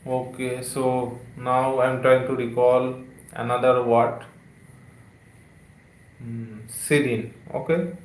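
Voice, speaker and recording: Slow, echoey-voiced male English teacher. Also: medium pitch, fairly bright tone. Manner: slow, repeats words, many "okay" and "uh" fillers. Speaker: English teacher on a live stream. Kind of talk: live-streamed vocabulary lesson.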